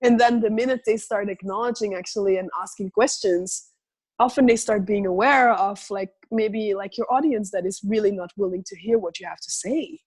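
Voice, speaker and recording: A woman's voice: mid-range voice, moderate pace, darkish tone, slightly rough. A woman speaking as a guest facilitator in a conversational video call, reflective and full of questions, acting out inner voices.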